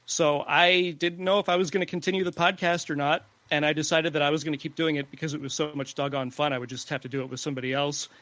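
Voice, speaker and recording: A man guest on a podcast, telling a relaxed story and laughing as he talks. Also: a little high, dry recording. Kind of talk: casual chat.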